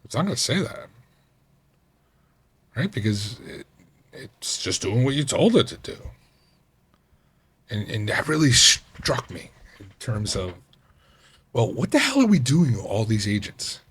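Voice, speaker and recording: Middle-aged male podcast host, husky, conversational, animated when he quotes people. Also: measured pace, long pauses. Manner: animated, acts out quoted coworkers with raised pitch. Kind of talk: casual storytelling monologue.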